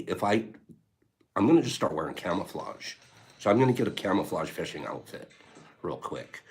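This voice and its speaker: A man with a lowish voice and darkish tone hosts a livestream, chatting casually while reading viewer comments. He rambles and teases, laughing often.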